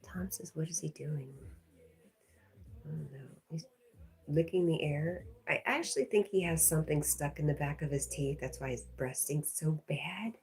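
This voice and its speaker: A woman's voice: low-pitched, moderate pace, a little mellow. A woman hosting a casual livestream, reading viewers' comments aloud and chatting with her dog, laughing often. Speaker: livestream host reading chat.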